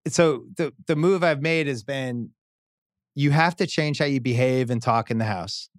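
A middle-aged man with an even, mid-range voice chats with a relaxed, wry ease as a podcast co-host. The close, dry mic leaves no room sound at all. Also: medium pitch, moderate pace, no room sound. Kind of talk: casual chat and read ad.

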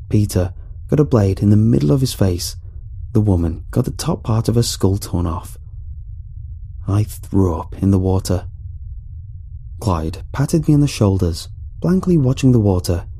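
Very dark, husky male horror narrator. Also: on the low side. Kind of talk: first-person horror story narration.

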